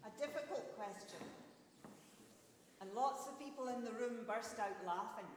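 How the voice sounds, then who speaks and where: A woman giving a chatty children's talk in church, gently teasing the kids and telling a story while projecting her voice without a microphone. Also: a little high, normal speed, slight background noise. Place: large church. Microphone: faulty microphone, then no mic, projecting her voice. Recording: echoey church with long reverb.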